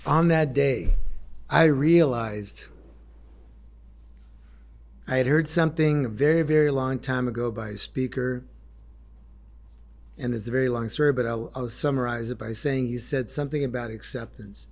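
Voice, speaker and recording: A man's voice: medium pitch, steady tone, moderate pace, long pauses, darkish tone. A middle-aged man candidly telling a raw personal recovery story, blunt and unpolished, acting out what people said. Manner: blunt, raw storytelling with swearing and reenacted quotes. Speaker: speaker sharing a recovery story.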